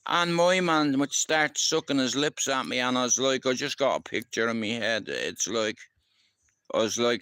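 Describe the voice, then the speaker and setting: Middle-aged Irish man, livestream storyteller, rough street talk, clear smooth voice, dry mic. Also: mid-range voice, moderate pace, pushed and bright, no room sound. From Ireland. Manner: rambling, swears freely, keeps asking if you understand. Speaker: livestream host. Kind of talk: casual storytelling.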